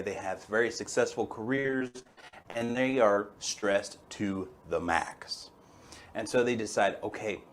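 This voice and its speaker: A man hosting a chiropractic webinar, telling a story in a folksy, enthusiastic, conversational way. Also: on the low side. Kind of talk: casual storytelling lesson.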